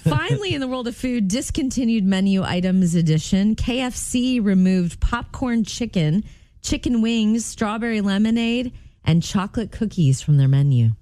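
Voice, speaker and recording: A woman's voice: mid-range voice, lively intonation, moderate pace, dark tone, dry recording. A woman co-hosting a Christian morning radio show, reading short news items in a friendly way with light humor into a studio mic. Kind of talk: casual morning show banter. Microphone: studio microphone.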